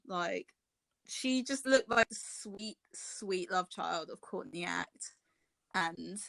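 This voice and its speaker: A woman's voice: medium pitch, gravelly, fairly bright tone, no echo. A woman co-hosting a podcast in casual chat, gushing and theatrical, with gasps and cackles. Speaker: podcast co-host.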